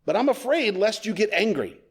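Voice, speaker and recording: A man's voice: sits high, sing-song, fairly quick, creaky, slightly rough, voice pushed up, exaggerated voice. A man voicing an obnoxious ancient man who mockingly pesters a sage with insulting questions. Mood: indignant. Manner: mocking, demeaning.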